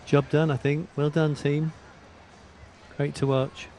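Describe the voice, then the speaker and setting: A man giving expert sports commentary, explaining the technique in a steady, informed way. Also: on the high side, slow pace, background noise.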